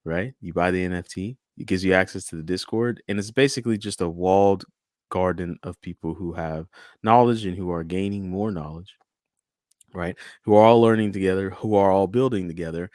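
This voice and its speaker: A man co-hosting a casual podcast roundtable, animated and jokey, acting out quotes as he talks. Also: low voice, brisk, no room sound, studio quality. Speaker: podcast co-host.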